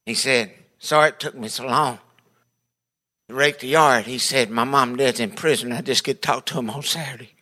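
A man's voice: medium pitch, steady tone, normal speed, sharp tone. A man preaching a sermon, telling folksy, humorous stories and acting out the voices of the people in them. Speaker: pastor. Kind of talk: storytelling sermon.

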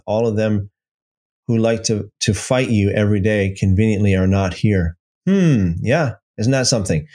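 A man hosting a livestream, telling a story loosely with many restarts and then reading out viewer comments. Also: mid-range voice. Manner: reads out and answers live chat comments. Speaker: livestream host. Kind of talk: casual livestream teaching.

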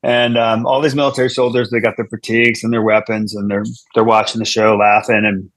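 A man's voice: on the low side, little pitch movement, a little fast, a bit bright, no echo. A man, a comedian guest, telling a long story in casual chat, rambling with restarts and asides.

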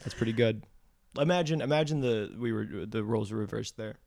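A man co-hosting a casual podcast chat, talking fast and excitedly, stumbling over his words, with crude jokes. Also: fairly low pitch, creaky, dry recording, clean studio sound. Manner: crude, joking. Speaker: podcast co-host.

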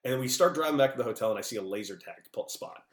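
A man spins animated anecdotes as a podcast guest, his voice sitting at a middle pitch. The room around him is noticeably echoey, as if he is calling in from home. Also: racing. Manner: animated, lively storyteller with big outbursts. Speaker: guest, former baseball player. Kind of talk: casual storytelling. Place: home, remote call.

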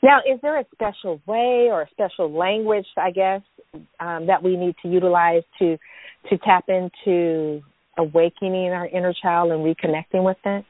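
A woman's voice: fairly low pitch, steady tone, normal speed, dry recording. A woman hosting a talk show, chatty and enthusiastic, reading sponsor messages with fillers. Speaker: host. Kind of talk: casual podcast talk. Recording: tinny phone-like sound.

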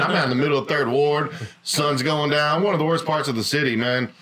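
A man's voice: a little high, fast, fairly bright tone. A man, casually telling a rambling, profane work story on a podcast and laughing as he goes. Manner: rambling, laughs through his stories. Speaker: podcast co-host; gas utility worker.

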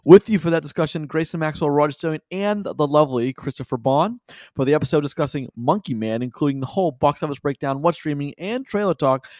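A man's voice: a little high, fairly quick, a little mellow, dry recording, studio quality. A man hosting a casual movie podcast, rambling and stumbling over words with frequent laughs. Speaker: podcast host.

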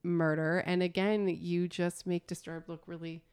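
A woman's voice: lowish voice, little pitch movement, moderate pace, darkish tone, clear, resonant tone. A woman hosting a casual interview, chatty and gushing, laughing often as she asks questions. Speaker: host.

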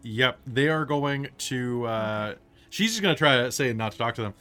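A young man running a tabletop game, narrating scenes and rules in a relaxed, rambling way with self-mocking asides. His voice moves up and down a lot while he talks. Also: medium pitch, normal speed, soft background music. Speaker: game master.

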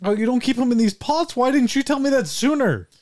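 A man's voice: on the high side, expressive, a little fast, darkish tone, dry recording, clean studio sound. A man voicing a fussy, scatterbrained old lady who calls everyone darling, in a tabletop role-play. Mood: indignant. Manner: flustered, gushing, calls people darling.

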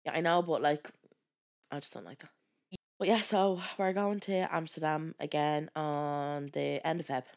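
A young woman co-hosting a chat podcast, her voice sitting a bit low. She talks casually and teases her friend with a dry, sweary wit. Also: normal speed, darkish tone. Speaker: podcast co-host.

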